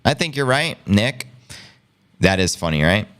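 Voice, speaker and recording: Man, New York area accent, live-stream host, hyped, talks to chat as family, clear resonant voice. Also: fairly low pitch, a little slow. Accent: New York City area. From Long Island, New York. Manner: animated, hype-filled, talks to viewers as family. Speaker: livestream host reading chat.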